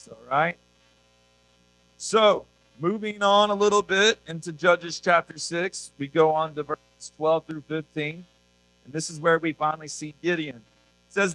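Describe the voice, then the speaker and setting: A man's voice: on the high side, a bit bright, rough recording. A man preaching a youth sermon at a church service in a casual, conversational way, often tossing in rhetorical questions. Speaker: youth pastor.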